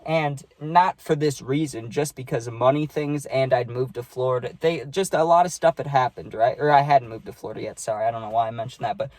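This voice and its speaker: A man's voice: mid-range voice, a little fast, hardly any pauses, a little mellow, dry recording. A young man telling a casual storytime, rambling and often tagging "right?" onto his sentences. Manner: rambling, keeps adding "right?". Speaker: vlogger.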